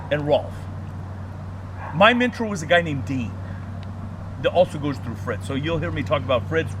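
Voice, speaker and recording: A man teaches a dog training workshop outdoors, his fairly high voice swinging up and down as he explains. He snaps out commands sharply between explanations. Steady traffic and outdoor noise run under the recording. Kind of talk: workshop lecture.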